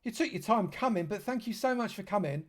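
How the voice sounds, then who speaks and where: A man's voice: high voice, expressive, fairly quick. A man from London, giving chatty live commentary on a game stream and joking with dry sarcasm. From London, England.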